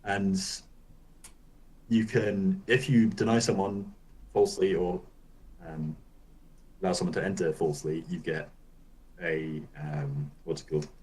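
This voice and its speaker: A man's voice: low voice, fairly even intonation, a little slow, pauses often, a little mellow, low-quality recording. A man co-hosting a gaming podcast, rambling loosely through a casual chat and swearing now and then. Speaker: podcast co-host.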